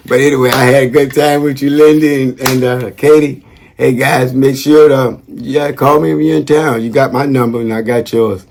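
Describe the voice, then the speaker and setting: A man casually talking to camera as a vlogger, upbeat and rambling, with lots of slang and a habit of tacking "man" onto his sentences. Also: fairly low pitch. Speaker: vlogger shouting out veterans.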